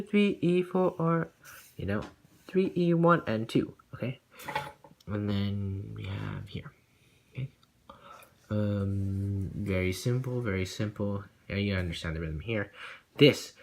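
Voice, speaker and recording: Guy teaching cello, sings the rhythms out loud, keeps asking okay?, casual, says sorry a lot. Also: fairly low pitch, a little hiss or hum. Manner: sings rhythms aloud as "da, da", often checks with "okay?"; casual, apologetic asides. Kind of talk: music lesson walkthrough.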